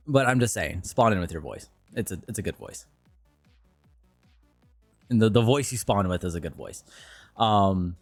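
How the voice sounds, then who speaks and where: A man's voice: deep voice, dry recording. A young man streaming and commenting casually, ranting in a blunt, profane way.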